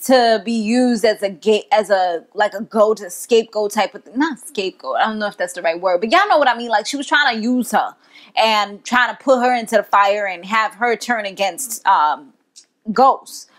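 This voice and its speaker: A young woman who reviews TV shows recaps an episode in a casual, slangy way, chatting and laughing as she goes. Her voice is medium-pitched and her pace moderate.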